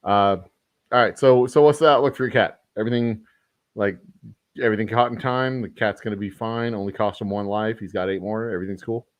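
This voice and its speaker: Low-voiced rambling podcast host man. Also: steady tone, fairly quick, no echo. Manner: rambling, self-correcting, joking. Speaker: podcast host and whiskey maker. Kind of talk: casual podcast chat.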